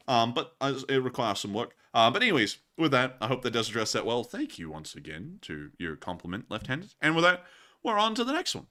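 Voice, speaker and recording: Man, livestream host, bright and animated, jokey. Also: mid-range voice, a little fast. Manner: laughs often, jokey and rambling. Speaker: news stream host. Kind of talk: casual livestream chat.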